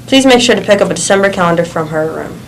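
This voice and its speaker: A woman's voice: lowish voice, very fast, creaky, slight background noise, rough recording. Woman reading school announcements. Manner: steady reading with small slips.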